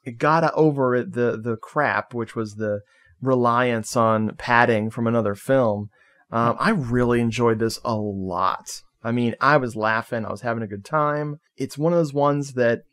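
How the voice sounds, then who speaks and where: A man's voice: mid-range voice, unhurried, fairly bright tone. A man co-hosting a casual podcast film review. He talks loosely, swears casually and laughs a lot. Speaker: podcast co-host.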